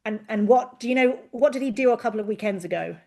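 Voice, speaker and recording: A woman giving an expert presentation on a video call, lively and given to acting out quoted voices. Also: fast talker, gravelly. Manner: lively, acts out quoted voices with big pitch jumps. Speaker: invited expert speaker. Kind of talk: online presentation to a learning session.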